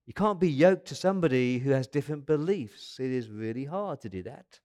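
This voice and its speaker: A man in his fifties preaching a sermon as pastor, in a lively, conversational way with asides and quick restarts. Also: medium pitch. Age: 50s.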